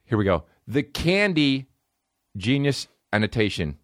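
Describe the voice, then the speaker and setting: Lively, swearing comedy podcast guy. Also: medium pitch, unhurried. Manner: rambling, profane, jokey. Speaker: podcast host. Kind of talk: casual comedy podcast riffing.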